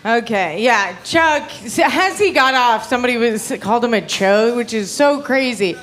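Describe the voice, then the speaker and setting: Young woman, stand-up comic, high voice, crude, laughs at her own jokes, live club set. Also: animated, moderate pace, fairly bright tone. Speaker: stand-up comedian. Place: comedy club stage before a live audience.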